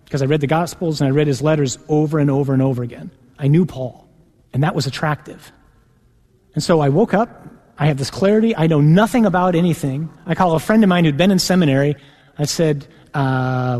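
A man preaching from personal testimony, a priest who brings each remembered conversation to life. His voice sits a little high for a man and rises sharply when he plays out a scene. The sound carries a long reverb, as from a large church. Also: brisk. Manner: lively storyteller, acts out dialogue with rising pitch.

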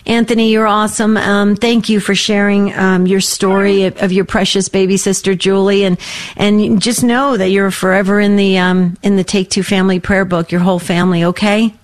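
A woman's voice: mid-range voice, level tone, normal speed. Female call-in host with a mid-range voice who cheers callers on. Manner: affirming, encouraging. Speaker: radio show host. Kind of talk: call-in radio talk.

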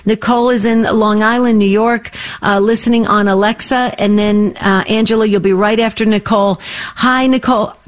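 A woman's voice: mid-range voice, fairly even intonation, normal speed. A woman hosting a faith-based radio call-in show, affirming and encouraging her callers.

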